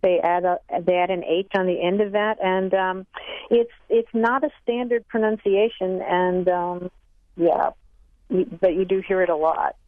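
A woman's voice: fairly low pitch, measured pace, dry recording. A woman language expert answering callers on a radio talk show, thoughtful and hesitant with many ums. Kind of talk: call-in radio chat. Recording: thin phone-like line.

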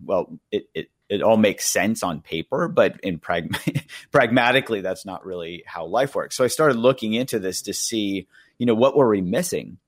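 A middle-aged man speaks as a psychiatrist guest on a radio call-in show, his voice sitting a little low. He explains in an easy, conversational way, peppered with fillers and the odd chuckle. The sound is close and dry, with no room in it. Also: dry recording. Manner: conversational, many "you know" fillers, occasional chuckles.

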